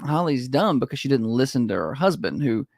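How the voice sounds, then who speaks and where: A man's voice: mid-range voice, big pitch swings, a little fast, vocal fry, a little mellow, no echo. A man, co-hosting a radio morning show and teasing his co-host in a dry storytelling way. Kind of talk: casual chat. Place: radio studio.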